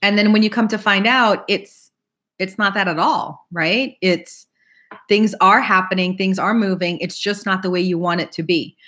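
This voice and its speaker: A woman's voice: medium pitch, moderate pace, pushed and bright. A woman hosting a live tarot reading, chatting casually and laughing often while she greets viewers by name.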